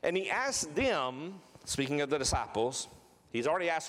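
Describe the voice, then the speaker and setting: A man delivering a sermon in a voice pitched a little above the usual male range. He preaches earnestly, drawing out key phrases and repeating them for weight. His words ring out with a long reverb, as if in a large hall. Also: very animated, normal speed, a bit bright. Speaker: pastor.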